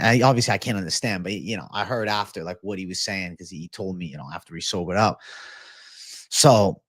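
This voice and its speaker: A man hosting a casual livestream and chatting with viewers, animated and profane. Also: low-pitched, a little fast, no echo, clean studio sound. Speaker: livestream host.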